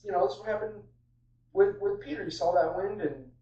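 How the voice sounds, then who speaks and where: Speaking fairly quickly in a high-pitched voice with a dark tone, a preacher gives a loose, conversational sermon on a Bible passage, peppered with fillers and restarts. The sound is distant, dull, and roomy.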